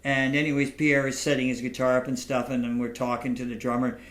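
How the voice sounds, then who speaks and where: A man hosting a podcast, talking in a halting, casual way with frequent restarts and laughter, telling stories to his guest. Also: medium pitch, monotone, a bit bright, echoey room. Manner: halting, repeats words, laughs often. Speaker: podcast host. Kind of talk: casual interview chat and storytelling.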